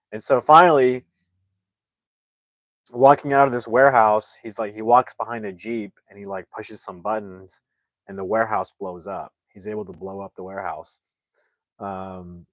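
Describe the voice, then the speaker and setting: A man's voice: on the low side, dry recording. A man casually recapping a movie plot as a reviewer, rambling loosely with many filler words. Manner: rambling, heavy use of "like" fillers.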